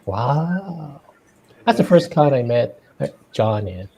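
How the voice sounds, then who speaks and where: A man's voice: medium pitch, sing-song, slow pace, dark tone, a little hiss or hum. A man chatting casually on a drawing livestream, laughing often and trailing off mid-sentence. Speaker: artist co-host. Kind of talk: casual chat while drawing. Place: indoors at a livestream drawing session.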